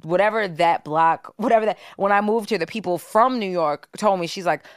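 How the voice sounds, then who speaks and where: A woman's voice: medium pitch, a little fast, smooth, no echo. A woman co-hosting a podcast, chatting candidly and casually in a studio. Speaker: podcast co-host. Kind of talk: casual chat.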